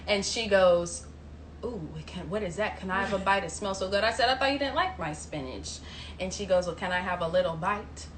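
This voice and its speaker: A young woman from the American South telling a story in a casual, animated and dramatic way. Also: mid-range voice. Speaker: singer on a livestream. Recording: distant mic, faint background noise.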